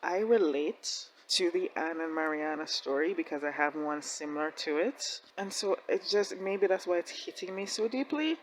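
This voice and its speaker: A woman hosting a reaction video, giving casual commentary in an excitable way, laughing often and talking back at the screen. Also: on the low side, moderate pace, hardly any pauses, slight background noise, low-quality recording.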